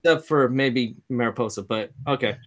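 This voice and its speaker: A man's voice: mid-range voice, fairly quick. A man co-hosting a casual wrestling podcast, teasing the others bluntly and swearing a lot. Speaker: podcast co-host. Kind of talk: casual round-table chat.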